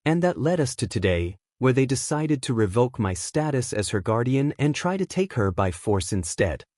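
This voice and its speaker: A tired, blunt hero-teacher speaks in a dry monotone, a father set on protecting his child, played by a man reading a story aloud. The voice sits at an ordinary male pitch. The recording is close and dry, with no room sound. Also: moderate pace, dry recording, lightly acted.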